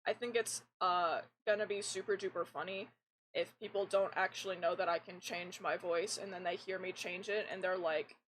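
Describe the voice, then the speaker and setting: In this casual live-stream chat, a young gamer talks into a desk mic in a low-leaning, fairly androgynous voice at normal speed. She rambles animatedly and frequently restarts. The recording is low quality, with slight background noise.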